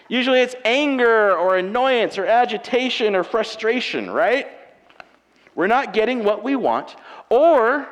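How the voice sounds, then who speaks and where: A married man preaching a sermon with animated, self-mocking humor, acting out everyday quarrels. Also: high-pitched. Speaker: pastor. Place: church auditorium. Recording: long reverb of a large hall.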